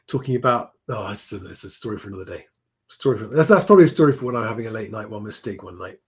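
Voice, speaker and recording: Husky-voiced man rambling on a live stream. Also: medium pitch, a little mellow. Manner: rambling, chatty, many restarts. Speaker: livestream host reading viewer comments. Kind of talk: casual live-stream chat.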